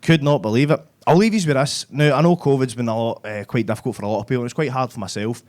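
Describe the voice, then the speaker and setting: A man's voice: medium pitch, fast talker, a little mellow. A man with a Glaswegian accent doing a live stand-up set on a comedy club stage, brash and sweary, chatting to the crowd and tagging lines with "right?".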